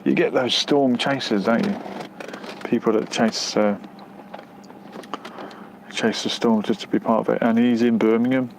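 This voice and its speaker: A man speaks at a moderate pace in a medium pitch, leaving long pauses, with a little hiss or hum in the background. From near the edge of West London, he runs a casual stream, reading comments and giving hesitant, meandering answers packed with fillers and false starts.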